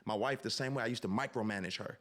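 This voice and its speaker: A man on a podcast earnestly reflects on authenticity and tells personal stories in an animated way. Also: fairly low pitch, fast talker, crowd noise. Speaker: podcast guest. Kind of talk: reflective storytelling.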